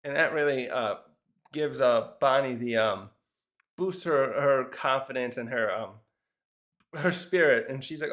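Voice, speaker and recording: A man's voice: mid-range voice, normal speed, a bit bright. A man casually reviewing a comic chapter, rambling through the scenes with lots of fillers and little chuckles. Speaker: manga reviewer.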